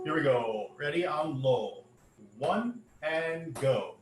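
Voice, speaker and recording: A choir director leads singers through a sectional rehearsal slowly, his fairly high voice carrying lively intonation. He explains the music patiently, step by step, with many um and uh fillers. The online rehearsal recording captures an echoey room and instrument music.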